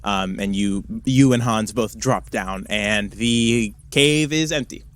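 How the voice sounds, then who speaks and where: A man's voice: lowish voice, slow, a bit bright, dry recording. A man narrating as game master of a tabletop game, easygoing, with hesitant fillers and chuckles.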